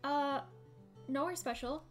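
A woman voicing a cheerful, evasive boy in a game, talking quickly and loudly. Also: high-pitched, soft background music, voice pushed up. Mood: breezy. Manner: quick, loud and upbeat. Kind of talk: reading game dialogue aloud.

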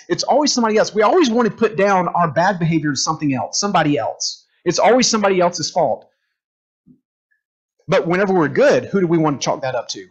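Man, teaching a group, conversational lecture, asks questions, husky voice, muffled lo-fi recording. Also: high voice, fast talker. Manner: animated, asks the room questions, acts out quotes. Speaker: teacher leading a group class. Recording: dull lo-fi room recording.

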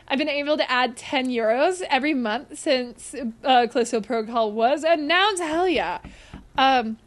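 Her voice sits high as she plays a horror game on a live stream, talking to viewers. Easily spooked and quick with a curse, she shrieks and laughs every time something makes her jump.

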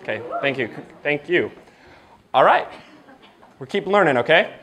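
A man speaking in a slightly high voice, giving a motivational keynote before a live audience. He is animated and jokey and slips into other people's voices as he tells the story. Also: unhurried. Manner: animated and jokey, acts out quoted dialogue.

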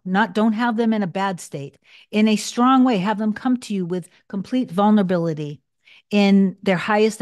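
A woman hosting her own channel, talking casually and earnestly to viewers, reassuring them with repeated gentle phrases. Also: on the low side, no room sound, studio quality. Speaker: channel host. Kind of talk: casual advice talk to viewers.

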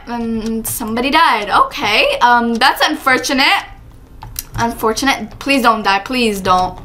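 A woman giving chatty, excitable live commentary while playing a video game, full of quick exclamations. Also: high voice. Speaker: gaming channel host.

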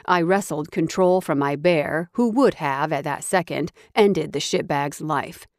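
A woman's voice: sits low, measured pace, a little mellow, dry recording, clean studio sound. A woman narrating a first-person romance audiobook in an intense, dramatic read.

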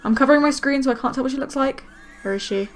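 Woman, casual gameplay commentary host; high voice, excitable, gushing. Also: fast talker. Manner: excitable, gushing, squeals with delight. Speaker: gaming video host.

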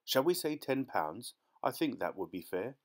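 A man's voice: medium pitch, big pitch swings, normal speed. A man voicing a fussy, ingratiating male antiques dealer posing as a parson, overly polite and wheedling.

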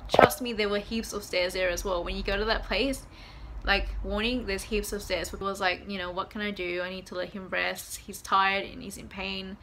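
A young woman chatting excitedly in a casual travel vlog, telling stories and swearing now and then, filmed on a handheld phone. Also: medium pitch, normal speed, background noise. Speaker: vlogger. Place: out and about, shops and hotel room. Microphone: handheld phone camera.

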